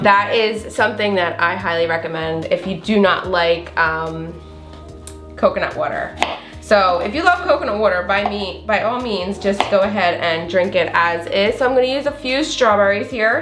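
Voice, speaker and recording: A recipe vlogger with a slight Southern accent chats casually through a cooking demo in an echoey room. Her medium-pitched voice is fairly bright, and she's giggly, using lots of fillers and little laughs.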